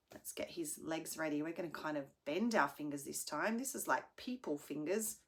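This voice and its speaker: A woman speech pathologist retelling a children's story with slow, simplified, expressive speech and key word signs. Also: low-pitched.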